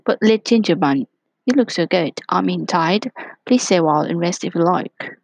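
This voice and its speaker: A woman's voice: lowish voice, expressive, normal speed, gravelly, dry recording. A woman voicing a hungry farm dog in a storybook reading, speaking with sly, false politeness. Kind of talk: storybook voice acting.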